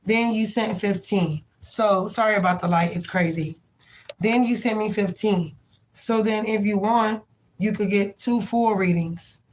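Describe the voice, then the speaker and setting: A woman's voice: mid-range voice, low-quality recording. Female tarot streamer, casual and affectionate, faint background noise. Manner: chatty, affectionate, slangy; rhythmic chanted prayer. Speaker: tarot reader hosting a live stream. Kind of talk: casual live-stream chat with viewers.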